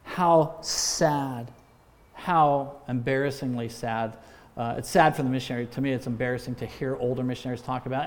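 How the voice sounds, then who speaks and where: A man's voice: mid-range voice, a little fast. A man, a former missions pastor, giving an emphatic training talk full of exhortation and frequent "uh"s.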